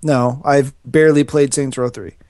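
A man's voice: medium pitch, fairly even intonation, moderate pace, a little mellow, no echo, studio quality. Stammering man in a podcast chat. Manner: hesitant, stammering restarts. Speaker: podcast co-host. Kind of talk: casual chat.

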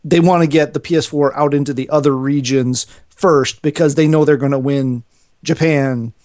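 A man hosting a casual gaming podcast, thinking out loud about market strategy. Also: on the high side, fairly even intonation, normal speed, no echo, clean studio sound. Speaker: podcast host.

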